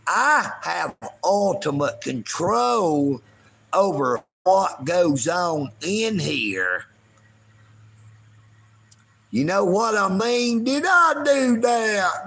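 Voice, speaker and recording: A man's voice: fairly high pitch, creaky, fairly bright tone, a little hiss or hum. A man, ranting on a livestream in a folksy, taunting way and talking about himself in the third person. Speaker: live streamer. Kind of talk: livestream rant.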